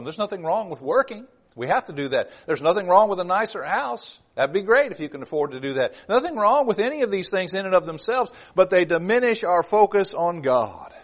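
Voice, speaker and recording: A man preaching a sermon, moving between loud emphasis and low, hushed asides. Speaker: pastor.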